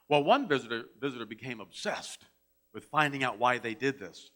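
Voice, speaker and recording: A man's voice: medium pitch, expressive, a little fast, bright, forceful tone. A man giving a folksy storytelling sermon as minister, with a dry sense of humour. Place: church sanctuary.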